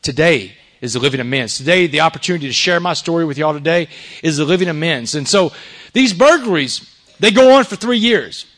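A middle-aged man shares his recovery testimony with a live audience. He talks fast, in a voice pitched on the high side. He is earnest, moving between loud emphasis and hushed confession. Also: expressive. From Texas. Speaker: recovery speaker.

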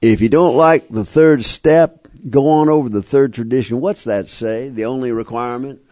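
A man's voice: mid-range voice, moderate pace, warm tone. Emphatic man sharing at a meeting. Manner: emphatic, repetitive, wry storytelling. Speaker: speaker at a recovery meeting. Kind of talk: personal recovery talk to a live group.

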